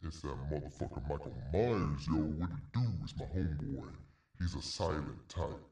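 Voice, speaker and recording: A man doing a gravelly, very deep street guy. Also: moderate pace, mellow, reverberant, recorded from a distance. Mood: swaggering. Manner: slangy, swaggering street talk. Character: gruff street guy, adult man, blunt.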